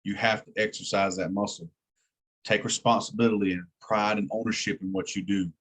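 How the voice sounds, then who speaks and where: A man's voice: fairly low pitch, level tone, brisk, fairly bright tone, breathy edge. A man teaching an EMT class in a plain-spoken way, repeating key words for emphasis. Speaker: EMT instructor. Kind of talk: classroom lecture.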